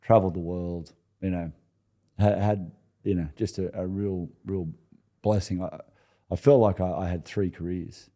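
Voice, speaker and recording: A man in his forties with an Australian accent, a former rugby player telling stories in a relaxed podcast interview, often restarting and chuckling. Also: low voice, moderate pace. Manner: laid-back, chuckling anecdotes with many restarts. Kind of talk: casual storytelling interview.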